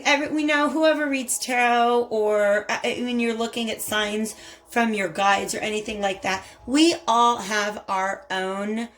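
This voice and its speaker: A tarot reader with a Southern US accent and a somewhat high, slightly bright voice gives a casual spiritual reading. She's chatty and effusive, speaking straight to her viewers and calling them "you guys."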